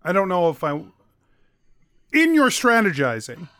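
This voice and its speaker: A man guides a tabletop game as game master, his voice pitched high and swinging widely. He talks slowly and deliberately as he weighs each ruling. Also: huge pitch swings, a bit bright, clear, resonant tone, no room sound, studio quality.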